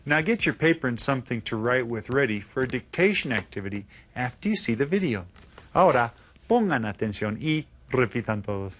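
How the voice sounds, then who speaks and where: A man teaching a recorded lesson to students, spelling words out slowly and patiently, with encouraging questions. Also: mid-range voice, animated, a bit bright. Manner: patient, slow enunciation of words. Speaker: Spanish teacher.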